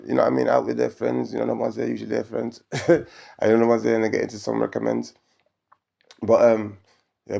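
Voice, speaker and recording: Gravelly man, rambling spiritual talk. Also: on the low side. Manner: animated, laughs often, preachy. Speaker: vlogger.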